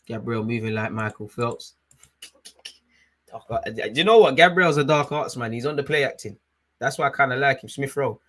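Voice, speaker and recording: A young man hosting a live football watchalong. He is excitable, shouts at the referee and drops to low mutters in between. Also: normal speed. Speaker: fan watchalong host.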